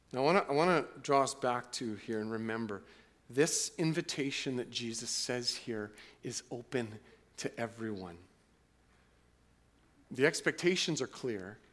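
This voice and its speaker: A man preaching a sermon, moving from loud, emphatic passages to quiet, reflective ones, sometimes acting out a listener's doubts. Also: mid-range voice. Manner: acts out listeners' doubts in a casual, halting voice. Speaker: pastor.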